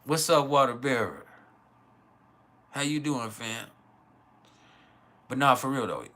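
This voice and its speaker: A man's voice: medium pitch, lively intonation, takes it slowly, pushed and bright. A man from West Texas, hosting a casual livestream and giving blunt, profane opinions while answering chat. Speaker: livestream host.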